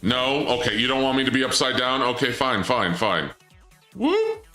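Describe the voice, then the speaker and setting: A man streaming a video game, chatting casually with his audience, goofy and joking, his voice jumping up when he gets excited. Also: mid-range voice, a little fast. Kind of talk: casual let's-play commentary. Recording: echoey room with game music underneath.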